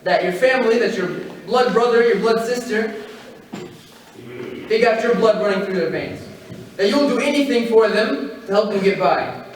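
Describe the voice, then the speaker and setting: A man with a high voice gives a religious study-circle talk to a gathered audience. He recites Arabic verses and explains them in English, asking rhetorical questions as he numbers his points. He is picked up from a distance in a strongly reverberant hall, with faint noise behind him. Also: lively intonation, normal speed, pauses often. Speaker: halaqa speaker.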